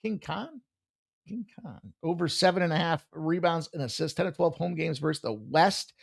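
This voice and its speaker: Brash gravelly-voiced man hosting a betting show. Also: fairly high pitch, a little fast, no room sound, studio quality. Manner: brash, profane, excitable, jokey. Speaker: sports betting show host. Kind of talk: live-streamed betting picks chat. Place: room with a hockey banner on the wall.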